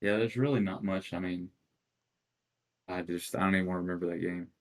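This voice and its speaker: A man with a notably low voice hosts a relaxed sports chat. He agrees easily with the others and moves the talk along to the next subject without fuss. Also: fairly quick, rough recording. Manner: laid-back, agreeing, steers to the next topic. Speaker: podcast host.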